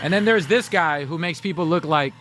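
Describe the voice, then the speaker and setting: A man's voice: a little high, a little fast, background noise. A man livestreaming, chatting casually with his viewers, addressing the chat directly and laughing often.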